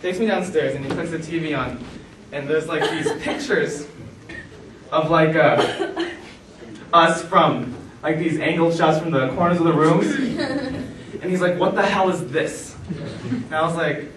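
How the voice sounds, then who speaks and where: A man telling stand-up stories on a comedy club stage, animated and acting out the people in them. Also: on the high side, unhurried, long pauses, far from the mic. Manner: animated, acts out quoted voices. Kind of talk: stand-up storytelling. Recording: roomy club sound from afar, noisy. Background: club audience laughter.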